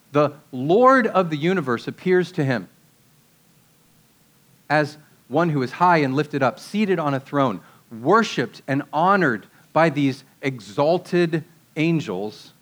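A man's voice: a little high, animated, slow, a bit bright. A man preaching a sermon in a conversational way, asking rhetorical questions and dropping casual asides.

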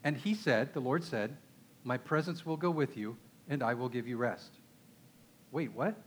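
A man's voice: mid-range voice, normal speed, a little hiss or hum. A man with a Texan accent preaching a conversational sermon, emphatic and often asking his listeners rhetorical questions. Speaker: pastor.

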